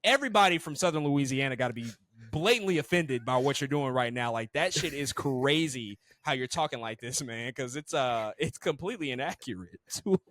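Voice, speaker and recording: A man co-hosting a casual movie review podcast, talking in an animated way, swearing freely and repeating words as he restarts sentences. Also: medium pitch, brisk, no room sound. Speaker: podcast co-host.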